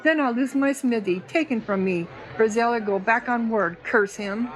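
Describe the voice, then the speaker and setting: A woman's voice: on the high side, moderate pace, crowd noise, close to an everyday voice, low-quality recording. A woman voicing a drunk, angry male cat-folk blacksmith who speaks in broken, bitter phrases in a game.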